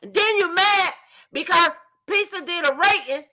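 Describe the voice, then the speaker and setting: A woman's voice: extremely high pitch, normal speed, noisy background. A woman arguing passionately and profanely in a heated live stream debate, calling in remotely.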